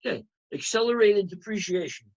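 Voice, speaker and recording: Emphatic high-voiced man teaching accounting. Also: expressive, a little fast, dull audio. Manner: emphatic, repeats key points, asks students rhetorical checks. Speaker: accounting instructor. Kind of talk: recorded lecture review.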